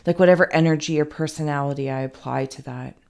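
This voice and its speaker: A psychic reader gives a casual intuitive reading in a deep, clear, resonant voice with vocal fry and a slightly mellow quality. She talks fast with fairly even intonation, rambling and thinking aloud with many fillers and some self-mocking asides.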